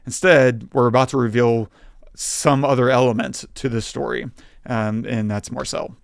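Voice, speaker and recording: A man's voice: mid-range voice, steady tone, normal speed, vocal fry, clean tone, no echo, clean studio sound. A man co-hosting a film podcast, a writer talking through scenes in a methodical, step-by-step way in casual chat. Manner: methodical, builds points step by step. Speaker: podcast co-host, film reviewer.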